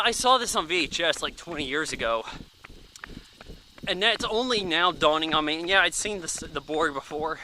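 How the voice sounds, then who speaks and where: A man's voice: fairly high pitch, pushed and bright, a little hiss or hum. A man in his thirties giving a casual, rambling movie review, chatty and offhand, thinking aloud with plenty of fillers.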